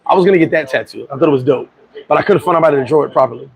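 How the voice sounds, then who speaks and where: A man with a high-pitched, gravelly voice chats loosely on a livestream. He reads viewer comments aloud, gives shout-outs, and rambles with frequent restarts and chuckles. The talk is relaxed and unscripted. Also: rapid-fire, poor audio. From United States. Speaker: livestream host. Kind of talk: casual livestream chat.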